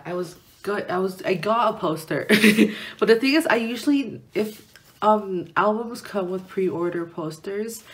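A woman's voice: lowish voice, slight background noise. A young woman vlogger chatting casually while unboxing an album, rambling and giggling, often restarting her sentences, indoors at home near a window. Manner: rambling and giggly, many restarts and filler words.

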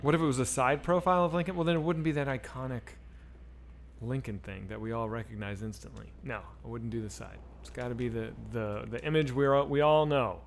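Steady in tone with vocal fry, his medium-pitched voice moves a little fast. The man, in his forties, plays a game on stream and talks profanely with chat, over slight background noise.

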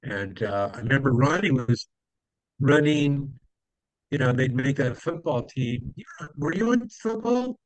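A man's voice: mid-range voice, expressive, unhurried, dry recording, rough recording. A man telling old stories as an interview guest, rambling with many fillers and acting out the people he quotes. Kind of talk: casual storytelling.

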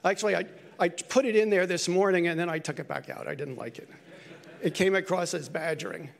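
A man's voice: high-pitched, a little fast, creaky. An older man giving a short conference talk, speaking in an earnest, reflective way and now and then correcting himself mid-phrase. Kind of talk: lightning talk.

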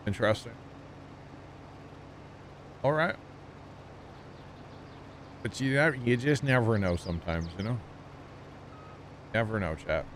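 Man, Midwestern accent, gaming streamer, rambling casual chat, lowish voice. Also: slow pace, long pauses, a bit bright, slight background noise. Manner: rambling, chatty, talks to chat with many fillers. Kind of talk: casual livestream chat while playing.

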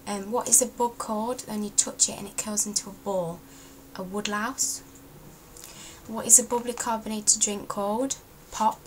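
A woman's voice: mid-range voice, fairly even intonation, normal speed, background noise. Chatty woman with a Derbyshire accent. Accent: Derbyshire English. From England. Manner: chatty, down-to-earth, reading words aloud. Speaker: vlogger. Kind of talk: casual accent tag vlog.

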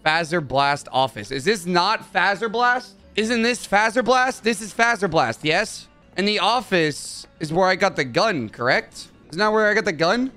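A man narrating a horror game let's-play, joking, swearing and yelling when startled. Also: sits high, lively intonation, normal speed, few pauses, faint music behind. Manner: jokey, swears, mutters, yells when startled. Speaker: gaming YouTuber.

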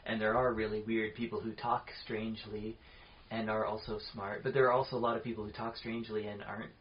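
A man's voice: lowish voice, level tone, quick pace. A man co-hosting a podcast in casual chat, often restarting his sentences and laughing. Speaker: podcast co-host. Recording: dull lo-fi podcast audio with faint noise.

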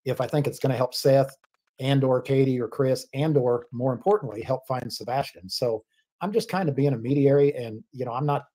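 A man answering interview questions as a family spokesman, earnest and defensive with halting restarts. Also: medium pitch, mellow.

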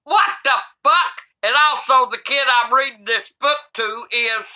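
Cranky old grandma cussing nonstop while she reads, slow drawl, really piercing bright voice. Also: high voice. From United States. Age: older. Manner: cranky, swears constantly, shouts in outrage. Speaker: comedy YouTuber grandmother. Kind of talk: comedic reading aloud.

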